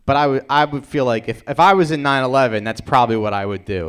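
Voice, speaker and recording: A man's voice: mid-range voice, quick pace, hardly any pauses, a bit bright, clear, resonant tone. A man doing live comedy banter on stage, telling jokes in a dry, laid-back way.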